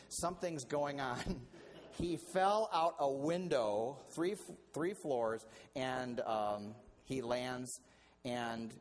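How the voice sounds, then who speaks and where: A male pastor preaching a sermon in an animated, conversational way, often restarting his sentences. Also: medium pitch.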